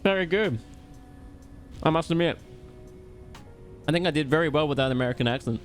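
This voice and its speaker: A man's voice: fairly high pitch, brisk, soft background music. A man streaming a flight simulator, commenting brashly to himself and swearing a lot. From Australia. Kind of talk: live flight-sim gameplay commentary.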